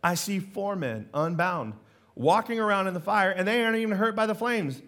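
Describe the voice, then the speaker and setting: A man's voice: sits high, animated, normal speed, a bit bright. A man acting out an amazed ancient king during a sermon, exclaiming in a raised voice.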